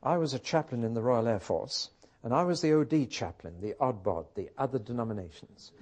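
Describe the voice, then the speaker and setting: A man teaches a Bible study, emphatically building his points through rhetorical questions and personal anecdotes. His voice is mid-range and a little mellow, and he talks slightly fast.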